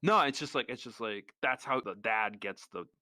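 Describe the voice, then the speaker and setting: A man co-hosting a podcast in casual chat, animated and jokey, often acting out quotes from the film. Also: medium pitch, moderate pace, no echo, clean studio sound. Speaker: podcast co-host.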